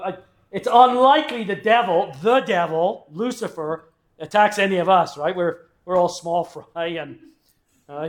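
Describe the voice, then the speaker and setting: A middle-aged man from England giving a casual history lecture with rambling anecdotes, chuckling asides and acted-out quotes. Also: high-pitched.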